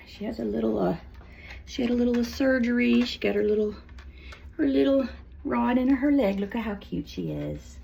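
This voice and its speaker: A woman's voice: on the high side, animated, normal speed, vocal fry, long pauses, dark tone, lo-fi sound. A woman who grooms dogs, chatting casually through a grooming vlog and slipping into baby talk with the dog. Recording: clipper buzz behind the voice. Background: electric clippers buzzing.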